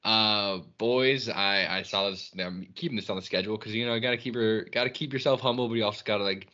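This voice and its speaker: A man co-hosts a casual sports podcast in a low, bright, forceful voice. He rambles loosely and swears freely. The recording sounds slightly dull. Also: quick pace. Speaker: podcast co-host.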